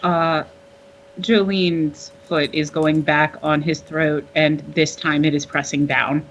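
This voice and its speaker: A woman's voice: low-pitched, little pitch movement, takes it slowly, muffled recording, a little hiss or hum. A woman narrating her character's actions in a tabletop role-playing game, matter-of-fact. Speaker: player.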